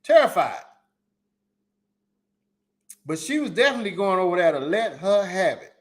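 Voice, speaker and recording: A man hosting a solo live podcast, giving emphatic, repetitive advice in casual slang. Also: on the high side. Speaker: podcast host. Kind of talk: solo live-stream commentary.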